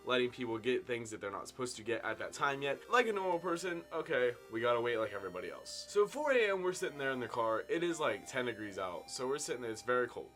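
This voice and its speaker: A man in his twenties tells a casual story-time tale to his viewers, with big swings in loudness and pitch. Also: sing-song, fast, few pauses, faint music behind. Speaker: vlogger telling a story. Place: indoor room at home.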